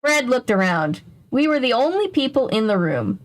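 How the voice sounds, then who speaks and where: A woman's voice: on the high side, big pitch swings, normal speed. Young woman reading aloud with wry asides. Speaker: host reading a children's mystery book. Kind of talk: casual read-aloud with asides.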